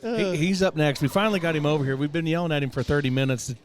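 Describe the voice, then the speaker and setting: A man's voice: a little high, quick pace. A man co-hosting a casual rodeo podcast, rowdy and teasing the guests. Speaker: podcast co-host. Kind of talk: casual banter.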